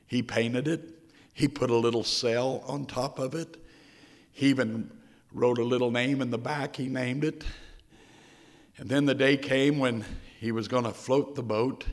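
A man with a gravelly, mid-range voice preaches a sermon, telling a story with feeling that builds into passionate appeals. Along the way he briefly sings a hymn.

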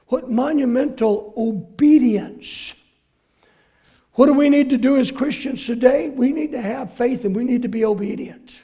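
Quotes are shouted and quiet asides are offered to the congregation as this man delivers his sermon. He reads scripture with emphasis, his voice very high and his pace a little slow.

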